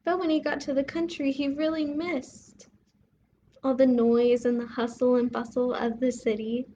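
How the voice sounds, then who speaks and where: A woman's voice: sits high, level tone, mellow, highs cut off, slight background noise. A woman hosting a children's bedtime story video, asking young viewers questions and explaining the lesson of a fable. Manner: asks the viewer questions, pauses to let them think.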